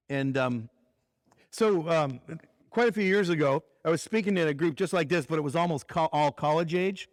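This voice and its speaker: At a ministry conference, a man tells a personal story in a conversational sermon, lowering his voice for the serious points. The audio is clean studio sound with no echo.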